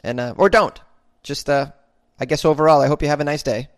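A man's voice: a little high, no echo. Dry-sounding male podcast host. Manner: rambling, self-deprecating, with halting restarts. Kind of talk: casual monologue reading listener comments.

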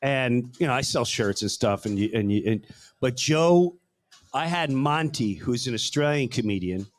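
A middle-aged man hosting a live podcast show, telling comic stories with lots of laughing and quick impressions. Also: medium pitch. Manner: animated, laughing, slips into voices of other people. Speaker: podcast host. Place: live show in front of an audience.

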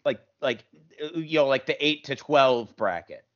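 A man co-hosting a movie podcast in casual chat, halting and restarting his sentences. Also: mid-range voice, animated, a bit bright. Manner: halting, many restarts, agrees with "correct". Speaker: podcast co-host. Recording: dull podcast audio.

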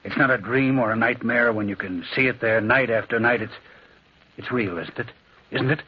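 An actor playing a frightened railway telegraph operator who pleads and breaks into hysterical screams, in 1940s radio-drama style on a dull, lo-fi old recording. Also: male voice, mid-range voice, normal speed, husky, lightly acted. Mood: pleading. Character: terrified male railway telegraph operator haunted by a ghost.

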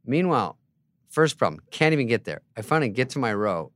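A man in his fifties, a comedian guest, telling a story in a sarcastic, deadpan way and acting out other people's lines. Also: medium pitch, quick pace, dry recording. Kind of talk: casual storytelling chat.

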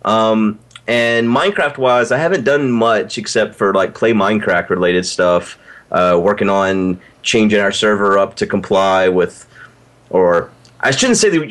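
A man co-hosting a podcast, chatty and expressive, laughing often. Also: fairly low pitch, normal speed. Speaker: podcast co-host. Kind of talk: casual podcast chat.

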